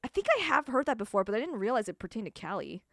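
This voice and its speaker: A young woman with a high, bouncy voice that swoops all over the place, chatting live with her stream. She is excitable and giggly, swears freely and breaks into squeals, close to a desk mic in a dry, dead room. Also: racing, no echo. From California. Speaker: streamer, cat VTuber. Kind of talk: casual live-stream chat with viewers.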